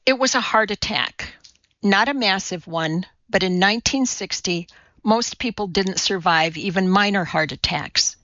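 A woman narrating an audiobook in measured, even storytelling. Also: medium pitch, no echo, dull audio. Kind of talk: scripted narration.

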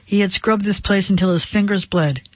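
Male narrator, higher register, tense measured read for suspense fiction, dry muffled studio sound. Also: fairly even intonation, no room sound. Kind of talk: scripted narration of a suspense story.

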